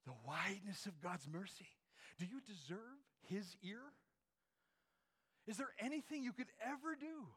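A man with a notably high voice preaches a sermon, drawing the congregation into call-and-response. He drops to hushed, almost whispered phrases, then builds back up into emphatic rhetorical questions. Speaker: pastor.

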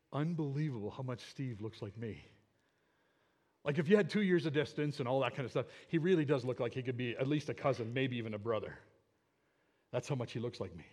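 Husky-voiced man preaching a sermon. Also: mid-range voice. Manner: earnest, swings from loud to hushed. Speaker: pastor. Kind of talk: sermon storytelling. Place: church.

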